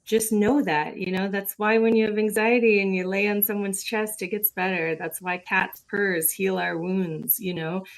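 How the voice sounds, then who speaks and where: A woman's voice: mid-range voice, steady tone, normal speed, hardly any pauses. A woman guest in a live conversation, speaking earnestly about spiritual ideas.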